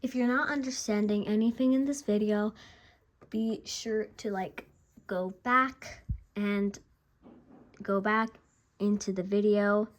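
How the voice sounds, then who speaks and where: A woman hosting her own channel, giving a casual beginner language lesson, chatty, repeating words and pronouncing them slowly and deliberately. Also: medium pitch, steady tone, slight background noise. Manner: chatty, repeats and restarts, slow deliberate pronunciation. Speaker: language teacher, channel host.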